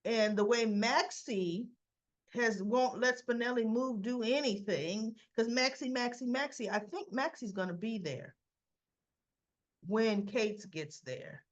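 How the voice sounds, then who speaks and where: A woman's voice: a little high, slow pace, lo-fi sound. Chatty woman recapping soap scenes. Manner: chatty, retells scenes with quoted dialogue. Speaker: soap opera reviewer. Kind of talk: casual recap and commentary.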